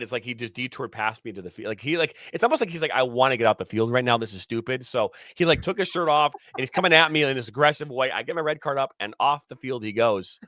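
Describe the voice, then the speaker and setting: A former soccer referee on a podcast, telling stories in a lively way and acting out what players and coaches said. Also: male voice, medium pitch, no echo, studio quality. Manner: animated storyteller acting out quotes, many restarts. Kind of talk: casual storytelling chat.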